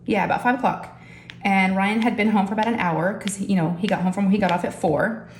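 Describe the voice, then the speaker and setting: A middle-aged woman chatting casually as a crafting vlogger, animated and talking straight to her viewers. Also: mid-range voice, fast, a little hiss or hum. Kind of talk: casual storytelling chat. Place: home craft room. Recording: echoey room with faint ambience.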